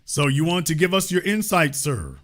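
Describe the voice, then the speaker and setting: A man's voice: fairly high pitch, sing-song, normal speed, a bit bright. A man hosting a political call-in show, speaking emphatically and pressing his caller with pointed questions. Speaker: host.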